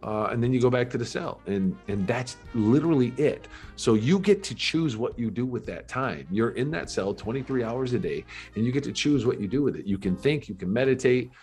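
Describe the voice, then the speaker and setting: A middle-aged man, a podcast guest, telling his life story in a candid, earnest and reflective way, with halting restarts. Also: mid-range voice, animated, a little mellow, faint music behind.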